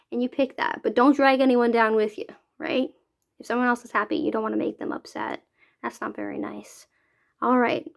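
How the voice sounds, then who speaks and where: A woman's voice: sits high, gravelly. A young woman from Canada, a youth mentor, talking casually to kids about feelings and often asking "right?". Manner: chatty, keeps asking "right?". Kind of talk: casual talk to children.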